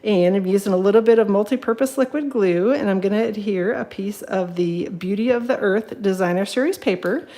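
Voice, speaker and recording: A woman with a mid-range, warm voice hosts a live card-making tutorial from home, talking briskly with hardly any pauses. She's a casual, chatty craft demonstrator who says "um" a lot and greets viewers as she works. The audio quality is poor.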